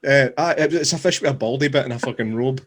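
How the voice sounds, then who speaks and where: A man's voice: mid-range voice, fast talker, slight background noise. A Scottish man co-hosting a podcast, telling stories in casual banter and swearing freely. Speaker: podcast co-host.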